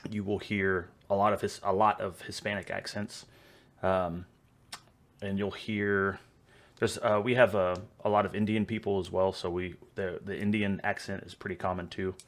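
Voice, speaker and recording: Low-voiced laid-back Texan man. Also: flat delivery, normal speed. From Houston, Texas. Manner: laid-back, drawling, laughs often. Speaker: reaction video host. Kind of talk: casual reaction commentary.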